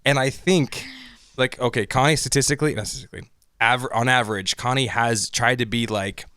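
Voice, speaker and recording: A man's voice: medium pitch, fairly even intonation, a little fast, bright, forceful tone, clear, resonant tone, no room sound, clean studio sound. A man co-hosting an anime recap podcast in casual chat, joking and acting out character lines. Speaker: podcast co-host.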